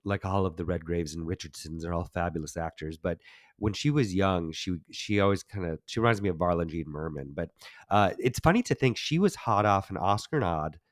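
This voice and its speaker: A man's voice: low-pitched, brisk, no room sound, studio quality. A man co-hosting a casual film review podcast, talking in an easygoing, knowledgeable way with wry asides. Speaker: podcast co-host.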